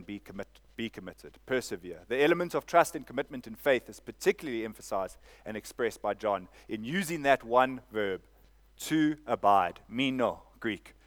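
A man preaching a sermon, repeating phrases and asking "Amen?" of the congregation. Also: mid-range voice. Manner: preaching with call-and-response "Amen?" and repetition. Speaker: pastor.

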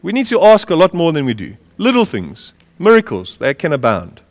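A man preaching a sermon, impassioned and lively, with chuckles as he tells stories. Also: fairly high pitch, moderate pace. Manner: impassioned, with a lively rise and fall; chuckles while telling stories. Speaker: pastor. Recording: long reverb of a large hall.

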